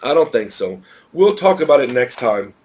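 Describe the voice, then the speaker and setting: A man's voice: medium pitch, very animated, normal speed, a little mellow. A man teaching English to children in a recorded lesson, explaining patiently with repeated examples.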